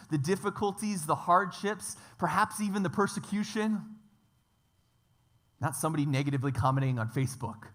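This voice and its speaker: A man's voice: on the high side, a bit bright. A man preaching a church sermon, emphatic, stacking up repeated phrases and lists. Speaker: pastor.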